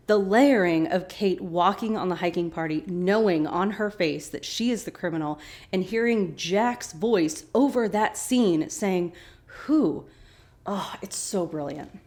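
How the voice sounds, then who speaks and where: A woman hosting a podcast, casually recapping a TV episode with animated, chatty asides. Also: mid-range voice. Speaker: podcast host.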